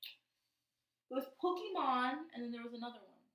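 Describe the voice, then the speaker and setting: A talkative young woman trading gossip as a podcast co-host, full of quick asides and laughter. Her voice is bright and a little high. She sits off-mic in a roomy, echoing space. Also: recorded from a distance. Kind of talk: casual chat.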